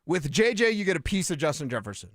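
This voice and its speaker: A man from Colorado co-hosting a sports talk radio show, chatty and quick to break down fantasy football numbers. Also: a little high, big pitch swings, dry recording, clean studio sound.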